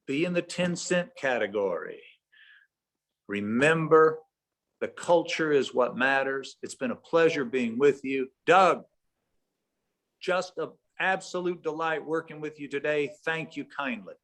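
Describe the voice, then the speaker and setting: A man's voice: a little high, lively intonation, slow pace, a bit bright. A man giving a conversational leadership talk over a video call, folksy, with tag questions, telling stories. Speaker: leadership trainer, webinar speaker. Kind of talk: conversational lecture with storytelling.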